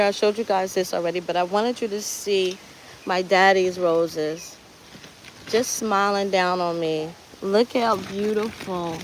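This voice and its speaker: A chatty woman walks through her garden outdoors, speaking into a phone she carries. Her middle-pitched voice sounds heartfelt and thankful as she points things out to her viewers. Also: slight background noise. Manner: chatty and heartfelt, often speaks of prayer and gratitude. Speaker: gardening channel host. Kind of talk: casual live garden tour.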